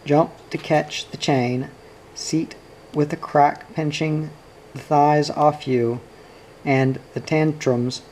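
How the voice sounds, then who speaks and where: A man reading a novel aloud in an unhurried, even storytelling delivery. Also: on the high side, a little hiss or hum, poor audio. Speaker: reader. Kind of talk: audiobook narration of a novel.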